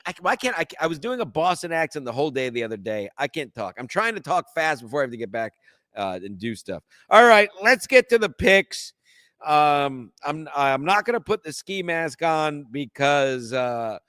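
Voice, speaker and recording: A man's voice: a little high, a bit bright, no room sound. A young man hosting a sports podcast, brash and profane, rambling through his picks in casual talk.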